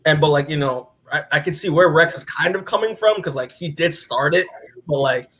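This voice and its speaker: Man, podcast co-host, casual comic recap, rambly, lots of "like" and "you know", a bit high-pitched. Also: a little fast, a bit bright. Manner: rambling, heavy filler words, swears casually.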